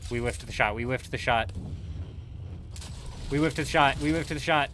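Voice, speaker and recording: Bright-voiced male game streamer. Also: medium pitch, moderate pace, slight background noise. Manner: playful, trash-talking, animated outbursts. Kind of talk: live gameplay commentary.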